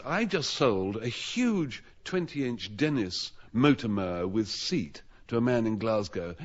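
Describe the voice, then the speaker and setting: A man's voice: mid-range voice, sing-song, measured pace, hardly any pauses, a little hiss or hum. A man spinning a long comic anecdote on a radio panel show, rambling and self-mocking with stammered restarts. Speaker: panelist telling a comic story. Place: radio studio with audience. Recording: dull old radio broadcast recording.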